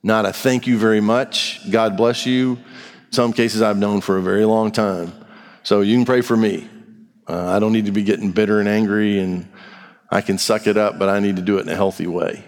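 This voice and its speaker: A man's voice: lowish voice, steady tone, fairly quick, a little mellow. A middle-aged man preaching a sermon as pastor, talking directly and bluntly to his congregation with rhetorical questions. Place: church sanctuary. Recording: long reverb of a large hall.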